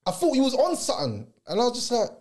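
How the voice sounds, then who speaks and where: A young man, telling a story in casual chat, expressive and acting out voices. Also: very high-pitched, fast. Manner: expressive, acts out voices in stories.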